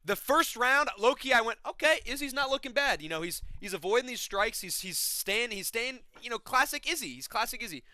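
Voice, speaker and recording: Man host, high bright voice, agitated profane rant, fight recap from a home room. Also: big pitch swings, a little fast, hardly any pauses, no echo. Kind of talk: casual ranting recap.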